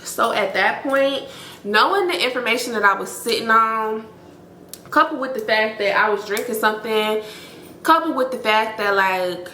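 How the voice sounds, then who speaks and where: A woman of twenty-eight telling her viewers a story in a casual, blunt, animated way, swearing freely and calling them y'all. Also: fairly high pitch, slight background noise. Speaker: storytime vlogger. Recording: echoey room.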